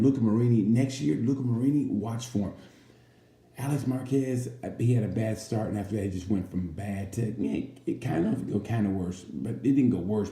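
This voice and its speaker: Chill guy rambling about racing, super dark mellow voice, kinda low, roomy echo. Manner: rambling, jokey, with playful impressions. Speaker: racing commentator. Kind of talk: casual chat. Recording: roomy with faint background noise.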